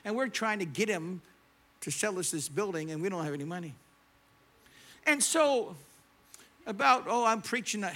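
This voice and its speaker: A man preaching a sermon, telling a story and swinging between loud, animated preaching and quiet storytelling. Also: high-pitched, moderate pace, pauses often. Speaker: pastor. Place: church sanctuary.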